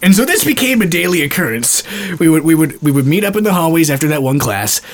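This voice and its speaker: A man's voice: a little high, fast talker. A young man from Canada co-hosting a podcast, telling stories in casual chat and laughing often. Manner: laughs often, lively storytelling. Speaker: podcast co-host.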